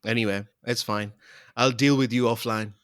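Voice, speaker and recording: A man's voice: mid-range voice, fairly even intonation, moderate pace, a bit bright, clean tone, no echo, studio quality. A man co-hosting a casual podcast from home over a call, joking, laughing and swearing as he chats. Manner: swearing, laughing, jokey banter. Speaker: podcast co-host. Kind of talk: casual chat.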